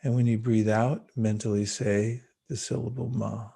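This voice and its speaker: A man leading a guided meditation session over a video call, speaking in a calm, unhurried and gently instructive way. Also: on the low side, gravelly, husky. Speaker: meditation teacher.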